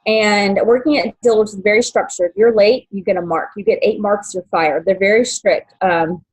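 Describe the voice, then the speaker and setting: A young adult woman telling her life story as an interview guest, halting, with many fillers and restarts, at times emotional. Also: medium pitch, steady tone, darkish tone, husky, low-quality recording. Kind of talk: personal story in podcast interview.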